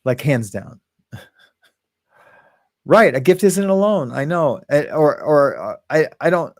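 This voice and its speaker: Gravelly-voiced man hosting a live chat. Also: a little high, expressive, dry recording, studio quality. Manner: rambling, chuckling, halting restarts. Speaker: livestream host. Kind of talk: casual live chat, reading comments aloud.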